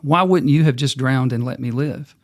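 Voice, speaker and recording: A man's voice: mid-range voice, normal speed, no echo, studio quality, lightly acted. A man voicing a kind, trusting young male frog in a spoken fable, talking in a hesitant, reasoning way. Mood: bewildered.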